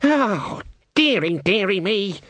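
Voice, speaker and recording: Brief: male reader as a sharp-tongued old witch, mocking and commanding, in an audiobook. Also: high-pitched, sing-song, slow, no room sound, voice pushed up, exaggerated voice. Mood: scornful. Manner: scornful, bossy, mocking.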